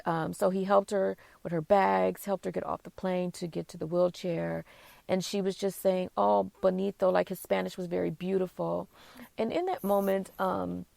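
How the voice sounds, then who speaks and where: A woman's voice: fairly low pitch, creaky, darkish tone, dry recording. A woman hosting a faith-based podcast, telling a personal story in an earnest, conversational way with many fillers. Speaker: podcast host.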